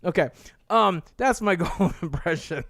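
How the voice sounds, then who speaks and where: A man's voice: high-pitched, animated, normal speed, creaky, a bit bright, no echo, studio quality. A man casually reviewing trading cards on a live stream, reading card text aloud with chatty asides and thanking viewers.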